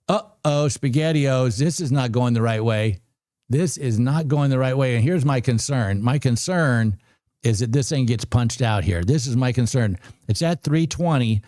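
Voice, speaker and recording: A man in his sixties giving live commentary on a trading stream, excitable and repeating himself as he urges the market on. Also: medium pitch, no room sound, studio quality. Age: 60s. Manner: excitable, talks to the screen, repeats phrases. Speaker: livestream trading host.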